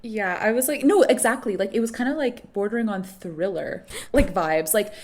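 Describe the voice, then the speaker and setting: A woman's voice: medium pitch, normal speed, a little mellow, slight background noise. A woman co-hosting a podcast in casual chat, agreeing often and laughing easily. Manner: agreeable, laughs often, frequent "yeah" backchannels. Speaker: podcast co-host.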